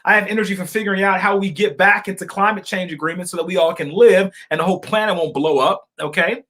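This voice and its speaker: A man holds forth on a live stream, calling his viewers y'all and folks. He talks fervently and circles back to the same points, jumping from loud outbursts to quiet asides, then slips into reading comments aloud. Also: high-pitched, quick pace. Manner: fervent, repetitive, swings between shouting and quiet asides.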